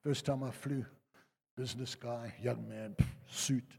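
An older South African man preaching a sermon, telling personal stories in a chatty way that swings between loud and hushed. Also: medium pitch, unhurried, gravelly, slightly rough. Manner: conversational storytelling, lively swings from loud to hushed. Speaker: pastor. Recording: reverberant church hall.

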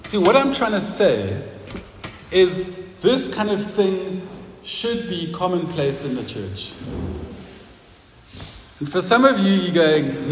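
High-voiced preaching man in a roomy hall. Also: very animated, slow pace, pauses often. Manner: conversational, asks the congregation questions, laughs at own stories. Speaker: pastor. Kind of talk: sermon. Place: church hall. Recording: roomy hall with long reverb, faint noise.

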